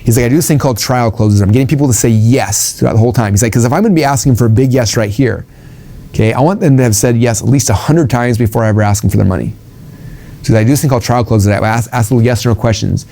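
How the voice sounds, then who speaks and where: A man's voice: medium pitch, quick pace, dark tone. A man giving an informal sales training talk, rambling with ums and restarts and acting out quoted conversations.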